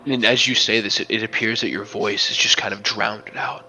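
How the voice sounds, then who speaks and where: Bright-voiced man narrating a tabletop game. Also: lowish voice, flat delivery, moderate pace, a little hiss or hum, rough recording. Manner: dramatic storytelling, often dropping to a hush. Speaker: game master.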